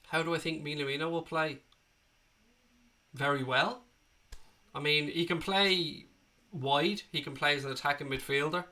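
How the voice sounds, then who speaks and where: An Irish man with a cold hosts a live fan stream and reads out viewers' comments in a loose, chatty way, calling people mate and dropping the odd swear word. His voice sits fairly high and sounds very bright and forceful. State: has a cold. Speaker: livestream host reading chat. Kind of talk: casual live chat.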